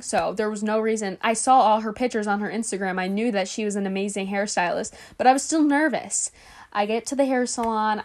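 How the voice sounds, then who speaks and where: A young woman hosting a podcast, talking candidly in a casual monologue and dropping plenty of "like" fillers. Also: mid-range voice. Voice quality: chatty, full of "like" fillers. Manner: candid, confessional storytelling. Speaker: podcast host.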